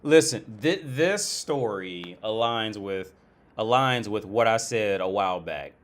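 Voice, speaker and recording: A man's voice: on the low side, expressive, measured pace. A man hosting a livestream, commenting on clips in a blunt, crude, rambling way and often restarting his sentences. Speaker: livestream host.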